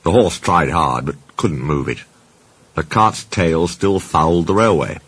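Low-voiced man reading a storybook. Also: unhurried, husky. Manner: expressive, varied delivery. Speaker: narrator. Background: music.

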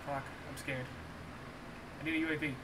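A man streaming a shooter game, muttering commentary and swearing, with bursts of yelling. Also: flat delivery, moderate pace, noisy background. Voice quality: profane, yelling outbursts. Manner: muttering low, then shouting in frustration. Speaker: gamer streamer. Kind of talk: live gameplay commentary. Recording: game gunfire behind voice. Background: gunfire and game sounds.

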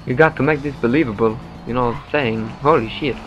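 A man's voice: mid-range voice, fast talker. Joking man playing a driving game. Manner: joking, blurts reactions and swears. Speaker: gaming channel host. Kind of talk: casual gameplay commentary. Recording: dull, lo-fi mic over game music. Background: game music.

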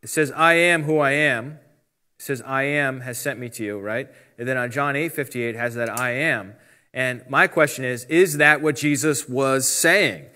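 A man's voice: mid-range voice, normal speed, sharp tone, clean tone. A middle-aged man giving a casual Bible teaching talk, explaining step by step and reading out translations.

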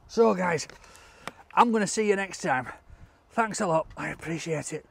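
Excitable high-voiced Yorkshire man vlogging. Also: normal speed, vocal fry, pauses often, a little hiss or hum. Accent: Hull, East Yorkshire. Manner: excitable, exclaiming often. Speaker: vlog host. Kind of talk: casual vlog chat.

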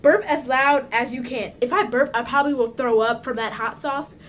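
A woman's voice: high voice, moderate pace, a bit bright, slight background noise. A woman chatting casually in a home vlog, giggly and nervous, talking straight to her viewers. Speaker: vlogger. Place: at home indoors.

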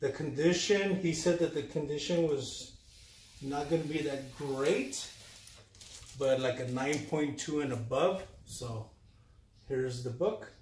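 A man hosting a casual unboxing video, talking in a relaxed, chatty way and often trailing off mid-sentence. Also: on the high side, slow, far from the mic, slight background noise. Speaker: YouTube collector host. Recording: roomy sound a bit off-mic.

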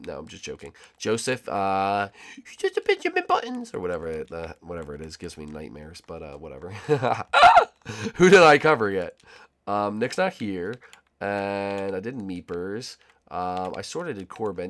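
A young man hosting casual gameplay commentary, joking and bantering with sudden loud outbursts. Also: low voice. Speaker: gaming channel host.

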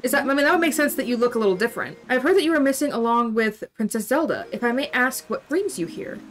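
A woman's voice: fairly high pitch, animated, quick pace, faint music behind, lightly acted. A woman voicing a gracious, polite young female fish-folk noble, reading game dialogue aloud in a formal, courteous way.

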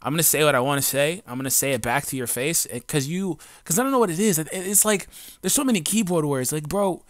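A man's voice: on the high side, animated, fast, dry recording, studio quality. A grown man, a gaming YouTuber, ranting in casual, slangy talk full of profanity and fillers, blunt and defiant. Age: adult. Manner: loose rambling talk with many fillers. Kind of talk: casual unscripted rant to camera. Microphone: home recording mic.

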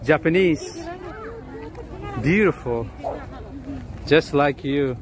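A man vlogging outdoors in a city park, chatting with passers-by in an excitable way and repeating words and phrases. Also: on the high side, extremely slow, a crowd in the background. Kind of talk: casual vlog chat with passers-by.

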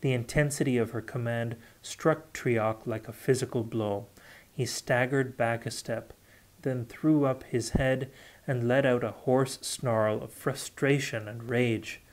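Slow, measured male storyteller. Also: medium pitch, fairly even intonation. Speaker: audiobook reader. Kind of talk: unrehearsed audiobook narration.

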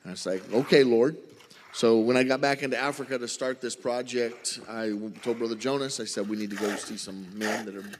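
A man's voice: mid-range voice, fairly even intonation, a little fast, hardly any pauses, noisy background. A male missionary with a Southern US accent, telling a folksy story to a church and acting out the conversations. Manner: folksy storytelling, acts out dialogue. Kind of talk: church mission report with slides. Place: church sanctuary. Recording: reverberant church hall.

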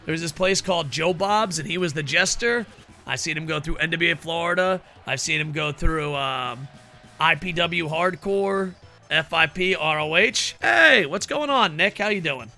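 Streamer guy, high and gravelly, bright edge, game music under him, playful announcer bits. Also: normal speed. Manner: playful, ring-announcer flourishes, talks to chat. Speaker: streamer commenting on a wrestling video game. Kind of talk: casual live-stream commentary.

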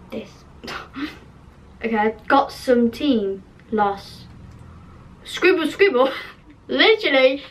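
A woman's voice: fairly high pitch, recorded from a distance. A young woman casually reading aloud from her old notebook, laughing often and mocking her own spelling. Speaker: channel host reading an old dream book.

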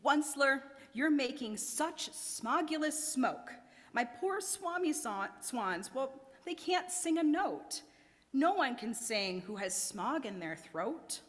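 A woman's voice: mid-range voice, lively intonation, a little slow, fairly bright tone, long reverb tail. The Lorax, a woman voicing a scolding little forest creature. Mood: indignant. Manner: scolding, indignant, raised voice. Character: small grumpy male forest creature, scolding.

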